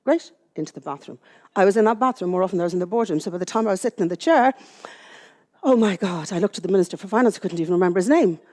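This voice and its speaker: Middle-aged Irish woman, public speaker, quick and mellow, candid storyteller with self-mocking wit. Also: lowish voice. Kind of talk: personal storytelling talk to a live audience. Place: room with an audience.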